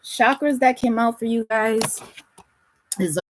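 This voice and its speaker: A woman's voice: a little high, slow pace, slight background noise, low-quality recording. A woman giving a casual tarot reading, blunt and full of swearing, and she laughs often. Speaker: tarot reader.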